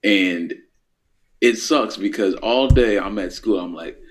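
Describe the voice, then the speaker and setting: A man's voice: fairly low pitch, steady tone, measured pace, a bit bright. A man co-hosting a wrestling chat, stammering and repeating himself, sounding deflated. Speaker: wrestling podcast co-host. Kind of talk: casual chat.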